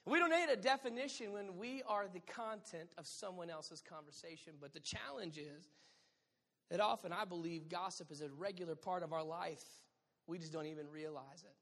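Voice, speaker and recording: A woman's voice: lowish voice, moderate pace, a bit bright, big-room sound. A woman pastor preaching a sermon, emphatic and conversational with playful asides to the congregation.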